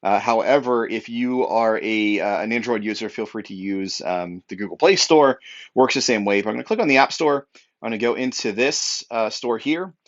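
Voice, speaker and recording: A man's voice: lowish voice, moderate pace, highs cut off. Upbeat man giving a training walkthrough. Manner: upbeat and emphatic, with frequent fillers. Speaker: real estate technology trainer.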